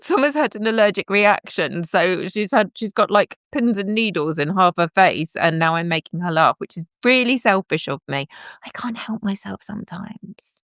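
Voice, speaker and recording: A woman's voice: medium pitch, expressive, moderate pace, a bit bright, dry recording, studio quality. A middle-aged woman, chatting in a bubbly, self-deprecating way to commenters on her live stream. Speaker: livestream host.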